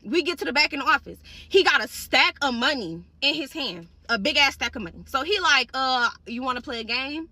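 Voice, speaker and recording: A woman's voice: high voice, animated, fairly quick, few pauses, sharp tone, no echo. A young woman hairstylist telling a casual storytime straight to her viewers, blunt and profane.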